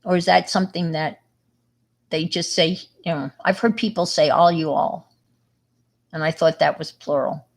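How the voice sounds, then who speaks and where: Middle-aged woman, New York accent, slightly low voice, loose rambling livestream host. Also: fairly even intonation, normal speed, creaky, long pauses. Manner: chatty, rambling, full of fillers and restarts. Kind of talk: casual chat with viewers.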